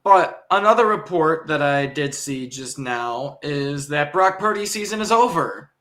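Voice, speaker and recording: A man's voice: fairly high pitch, expressive, a little slow, pushed and bright. A young man hosting a casual sports podcast, easygoing and rambling, with frequent ums and chuckles. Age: young adult. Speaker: podcast host.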